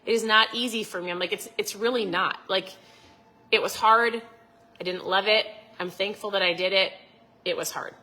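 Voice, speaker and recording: A middle-aged woman talks straight to her phone camera outdoors, rambling through a casual pep talk. Her voice is bright and a little husky, and she slips into quick impressions of her own thoughts. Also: mid-range voice, steady tone, faint music behind, poor audio. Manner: chatty, rambling, acts out her inner voices. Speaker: vlogger. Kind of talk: casual motivational vlog. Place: outdoors by a lake at dusk.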